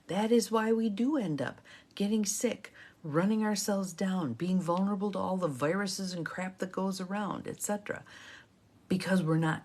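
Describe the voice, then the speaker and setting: An older woman giving casual, encouraging guidance on setting boundaries, chatting to viewers in a warm, chatty way. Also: on the low side. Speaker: intuitive guidance coach. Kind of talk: casual motivational talk to live viewers.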